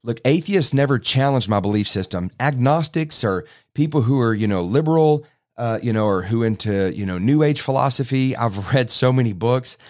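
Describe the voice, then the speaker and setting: A man in his forties preaching a sermon, urgent and exhorting, speeding up as he gets excited. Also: medium pitch, normal speed. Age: 40s.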